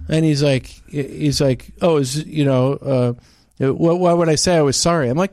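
A man's voice: fairly high pitch, fairly quick, a little mellow, no room sound, clean studio sound. A man telling a story in casual chat, acting out both sides of an argument with many restarts.

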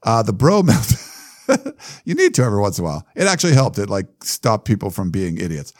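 A man co-hosting a sports podcast in casual chat, reading listener questions out loud with loose asides. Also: on the low side, sing-song, a little fast, dry recording, clean studio sound. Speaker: podcast co-host.

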